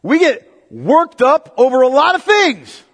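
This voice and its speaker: A pastor delivers a sermon, moving between quiet, low reflection and loud, excited exhortation at a slightly slow pace. Long hall reverb surrounds the recording.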